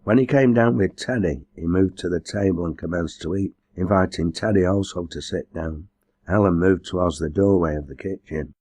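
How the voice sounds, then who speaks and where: A man narrating a novel in measured, even storytelling. His voice is deep and low. The recording is close and dry, with no room sound. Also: no echo. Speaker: audiobook narrator. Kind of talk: scripted narration.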